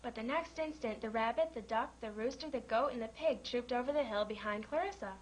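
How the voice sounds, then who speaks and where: A woman's voice: a little high, a little fast, slight background noise, rough recording. Woman reading a children's story. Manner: gentle, lightly voices the animal characters. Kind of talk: children's story read aloud.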